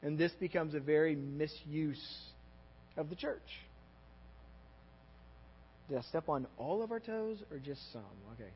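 A Texan-accented man preaches in a sanctuary, and his voice sits fairly high for a man. He talks to the room like a friend, tossing in asides and checking that people are following along. The sound is a bit dull, with a long reverb tail hanging off each phrase. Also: a little slow, pauses often, a little hiss or hum. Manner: conversational and animated, with asides and audience check-ins. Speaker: pastor. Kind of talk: sermon. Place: church sanctuary.

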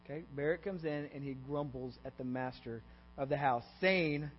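Soft music plays behind a pastor with a medium-pitched voice preaching at normal speed in a church sanctuary. He keeps the sermon interactive, constantly asking questions and checking in with "okay?" and "all right?", in a dull, echoey recording with mains hum.

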